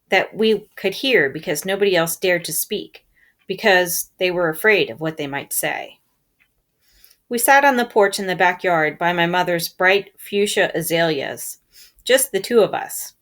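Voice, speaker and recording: A woman reading a novel aloud, telling it in a calm first-person storytelling manner. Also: lowish voice. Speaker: reader.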